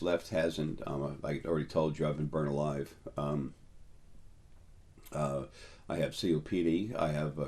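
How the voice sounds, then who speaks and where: A man hosting a spiritual video, rambling through a casual monologue to his viewers and leaping higher in pitch whenever he quotes someone. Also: darkish tone. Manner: storytelling, jumps up high when quoting people.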